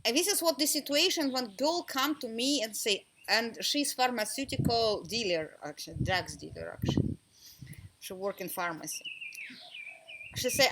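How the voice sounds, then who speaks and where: Bright-voiced laughing woman teaching oils. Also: a little high, normal speed. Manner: lively, laughs often, simple broken English. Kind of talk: informal talk to a small group.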